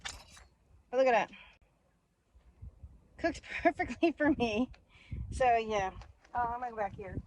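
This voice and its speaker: Casual cooking vlogger, a woman with a fairly high voice, talking through each step outdoors. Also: animated, slow pace, long pauses, darkish tone, slight background noise, low-quality recording. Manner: chatty, thinking aloud while cooking. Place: outdoors by a camper.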